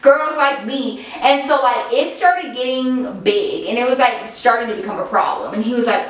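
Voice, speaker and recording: A woman's voice: on the high side, moderate pace. A woman telling a story to camera in a casual, chatty way, full of "like" and the odd swear word. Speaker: beauty and storytime vlogger. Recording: very echoey room, distant mic.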